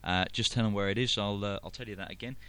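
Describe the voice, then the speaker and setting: A man's voice: fairly low pitch, fairly even intonation, fast, pushed and bright, clean tone. A man with a London accent hosting a live internet radio show, rambling through announcements with many fillers and restarts. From London, England. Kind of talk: casual live radio chat.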